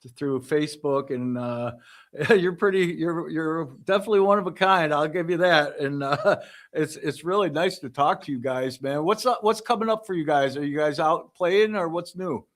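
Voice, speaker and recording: A man's voice: a little high, moderate pace. A man hosting a casual interview and asking friendly questions with short affirmations. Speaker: podcast host.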